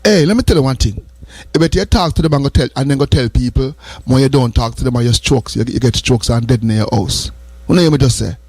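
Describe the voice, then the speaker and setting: A man's voice: mid-range voice, quick pace, darkish tone, breathy edge, no room sound. Jamaican male host, patois-flavored morning sermon talk, repetitive and earnest; dry, close recording. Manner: earnest and repetitive, drifting between patois and English. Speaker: radio host. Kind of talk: morning radio talk, preachy advice.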